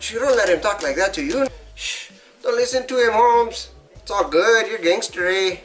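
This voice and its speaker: A man's voice: sits high, moderate pace, fairly bright tone, distant mic, pitched above the performer's own voice. A man voicing a swaggering young homie, slangy and cocky. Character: swaggering young male cholo-style homie.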